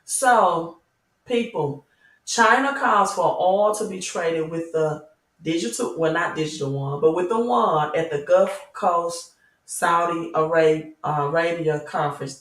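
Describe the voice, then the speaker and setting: A woman's voice: low voice, unhurried. A woman with a Southern US accent hosts a livestream, reading viewers' chat and lecturing emphatically with many rhetorical questions. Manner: emphatic, preachy, keeps asking rhetorical questions. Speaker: crypto channel host. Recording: roomy echo, mic at a distance.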